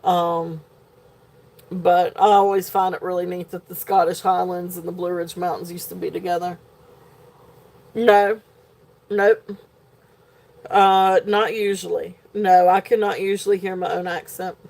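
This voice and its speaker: Speaking with a southern Virginia twang, a woman hosts a live-stream jewelry sale from a home shop setting, rambling and chatty with lots of fillers and giggly asides. Her lowish, slightly mellow voice has vocal fry and a level tone. She talks a little slowly with long pauses.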